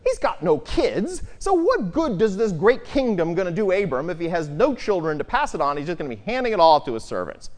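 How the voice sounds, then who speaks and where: A Bible teacher giving an animated talk and putting rhetorical questions to the listeners. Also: medium pitch, brisk, few pauses. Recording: long hall reverb.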